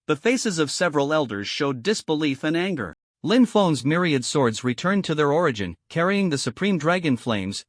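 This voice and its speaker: Guy reading a fantasy recap, bit higher voice, dry close mic, story-reading style. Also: no echo. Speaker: narrator. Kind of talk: scripted narration.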